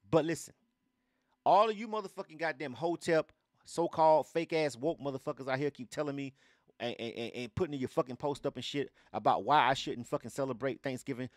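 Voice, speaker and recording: A man's voice: medium pitch, fairly bright tone, no echo, studio quality. A man hosting a live radio music segment, talking loosely and profanely to viewers, ranting between asides. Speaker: radio show host. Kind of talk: casual livestream radio talk.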